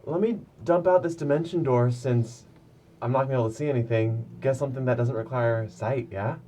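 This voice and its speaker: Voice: mid-range voice, fairly quick, warm tone, slight background noise. A tabletop player chatting playfully at the table. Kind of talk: casual chat.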